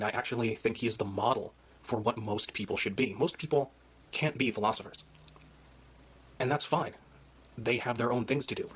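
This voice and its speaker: A man's voice: medium pitch, a bit bright, husky. A man delivering a contemptuous, lecturing monologue, played back sped up to double speed. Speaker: video commentator.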